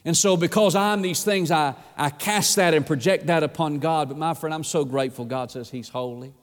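A man preaching a sermon, swinging from emphatic bursts down to a low hush. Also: normal speed. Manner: dynamic preaching with sudden drops to a low hush. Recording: echoey with long reverb.

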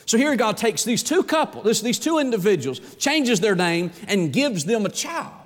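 High-voiced preacher in an echoey hall. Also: male voice, sing-song, moderate pace. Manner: folksy, emphatic, asks the crowd rhetorical questions. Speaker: pastor. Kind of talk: sermon.

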